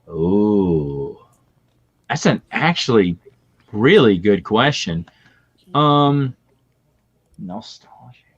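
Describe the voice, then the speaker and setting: A man of middle pitch chats casually as a guest, telling lively stories and breaking into laughter. The audio is muffled and a little lo-fi. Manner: lively storytelling with frequent laughs. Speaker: podcast guest. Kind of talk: casual chat.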